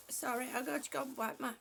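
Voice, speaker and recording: A woman hosting a casual live stream, greeting viewers by name, short of breath and breathy, often dropping to a whisper. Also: sits high, slight background noise. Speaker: livestream host.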